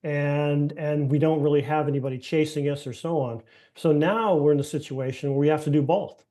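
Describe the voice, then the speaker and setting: Mellow-voiced male panelist. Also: fairly high pitch, steady tone, fairly quick. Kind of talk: panel answer.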